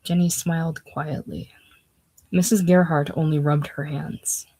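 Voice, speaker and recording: A casual reader narrating a classic novel aloud in a plain, unhurried way, dropping lower and quieter on speech tags. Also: steady tone, rough recording. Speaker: audiobook reader.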